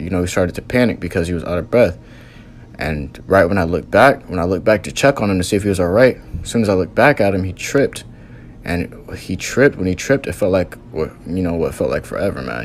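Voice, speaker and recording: Deep-voiced man telling a vision testimony. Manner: earnest storytelling, many "you know" and "man" fillers. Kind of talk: recounting a religious vision testimony.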